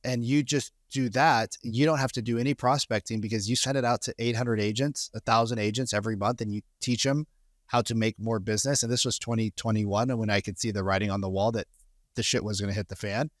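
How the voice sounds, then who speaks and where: A man hosting a podcast in casual chat, excitable and quick to interrupt with laughter. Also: fairly low pitch, dry recording, clean studio sound. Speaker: podcast host.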